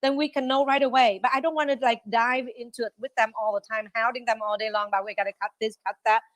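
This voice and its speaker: Woman, restaurant owner, podcast guest, animated, higher voice, dry close sound. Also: fast talker, no room sound. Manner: animated, quotes herself and staff in lively asides. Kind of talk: podcast interview.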